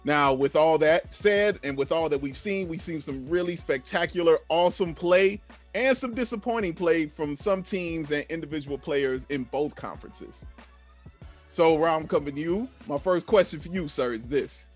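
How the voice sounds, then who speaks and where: A man's voice: fairly high pitch, normal speed, faint music behind. Man hosting a sports podcast. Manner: steady moderator who teases. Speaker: podcast host. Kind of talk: casual sports chat.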